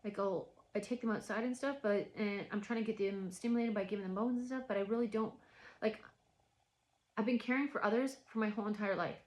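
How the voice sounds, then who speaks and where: A woman's voice: mid-range voice, steady tone, fairly quick. A woman vlogging from home in a reflective, rambling monologue, full of restarts and filler words.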